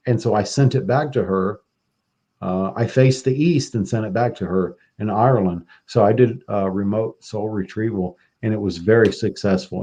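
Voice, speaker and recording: Casting: a man with a warm, dark voice, a laid-back storyteller on a dull-sounding recording. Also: on the low side. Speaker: podcast host. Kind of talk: casual chat.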